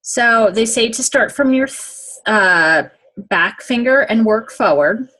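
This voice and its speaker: A woman's voice: on the high side, lively intonation, takes it slowly, bright, forceful tone. A woman giving a casual step-by-step nail application demonstration, checking in often with "okay?". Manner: chatty, step-by-step instructions with frequent "okay?" check-ins.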